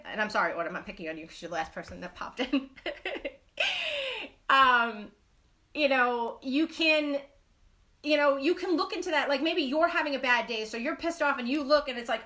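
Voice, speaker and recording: A young woman hosting a live stream in a bright, fairly high voice. She chats casually and bluntly and swears freely while reading viewer comments. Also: a little fast. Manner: reads viewer comments off her phone. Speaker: host of a live knitting stream.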